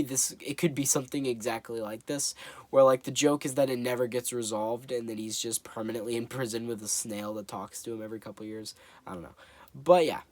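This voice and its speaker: A man's voice: medium pitch, dry recording. A man giving a casual spoken movie review, rambling and hesitant with lots of fillers.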